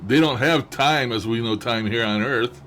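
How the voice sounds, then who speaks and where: A man's voice: medium pitch, normal speed, fairly bright tone, a little hiss or hum. A man hosting a session, casually commenting and musing as he plays back recordings, chuckling to himself. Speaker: host reviewing spirit-box recordings. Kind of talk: casual commentary over playback.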